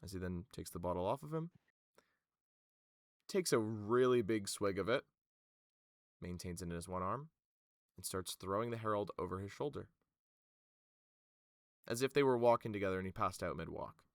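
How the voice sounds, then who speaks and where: A man's voice: fairly low pitch, lively intonation, normal speed, long pauses, dry recording, studio quality. A man narrating as game master in a tabletop game, with loose narration full of fillers.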